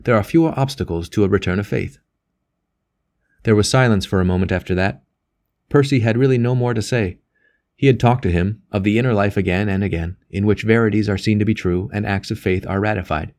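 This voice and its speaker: A man reading a novel aloud as an audiobook narrator, in measured scripted narration. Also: on the low side, a little mellow.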